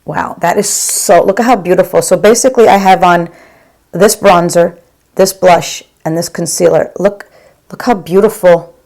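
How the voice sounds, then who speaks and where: Middle-aged woman beauty vlogger, lower voice, effusive and chatty, casual home recording. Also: normal speed, darkish tone. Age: 40s or 50s. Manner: gushing, chatty, calls viewers girl. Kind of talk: casual makeup review to camera.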